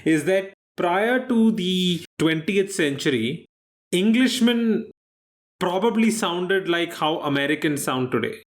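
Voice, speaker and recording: A man with a fairly high voice hosts a quiz podcast in relaxed conversation. He explains answers at an unhurried, thoughtful pace and slips in dry, teasing jokes. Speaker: quizmaster co-host. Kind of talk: casual podcast chat.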